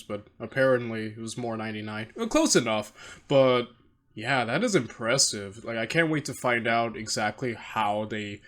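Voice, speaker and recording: A man reacts to a video in loose, rambling commentary, poking fun at himself and tripping over his words. His voice sits at an ordinary middle pitch. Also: fairly bright tone. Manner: rambling, self-deprecating, frequent restarts and laughs.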